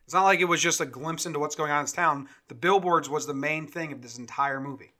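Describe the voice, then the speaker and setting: A young man with a somewhat high, bright voice argues his side in a relaxed movie discussion. He often trails off softly as a thought runs out. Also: quick pace. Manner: argumentative, trails off quietly. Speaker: podcast co-host. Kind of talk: casual film discussion.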